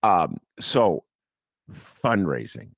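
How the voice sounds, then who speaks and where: A deep-voiced man rambles through a casual chat, with a lot of swing in his pitch. He pokes fun at himself and laughs easily. The sound is close and dry, with no room around it. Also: very animated, very slow, vocal fry, slightly rough, no echo. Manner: rambling, self-deprecating, laughs often. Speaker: podcast host. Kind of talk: casual conversation.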